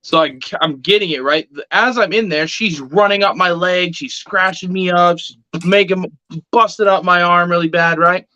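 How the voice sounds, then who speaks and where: A man with a high, sharp, bright voice tells a story casually and with lots of energy, swearing freely and acting out each exchange. The sound is dry and close, with a dull, lo-fi quality. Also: normal speed, no room sound. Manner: animated, swears freely, acts out quotes. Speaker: reptile keeper telling a story.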